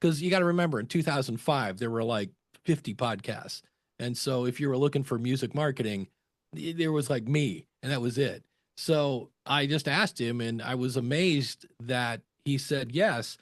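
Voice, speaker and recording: A man guesting on a podcast, telling relaxed stories and acting out quotes from other people. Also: medium pitch, moderate pace, no echo, clean studio sound. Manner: chatty anecdotes with acted quotes. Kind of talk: conversational interview storytelling.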